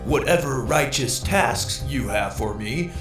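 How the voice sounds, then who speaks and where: A man's voice: medium pitch, animated, a little slow, reverberant, music in the background, close to an everyday voice. A man voicing a shiny male robot assistant that talks in laid-back surfer slang, in a storybook reading. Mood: eager.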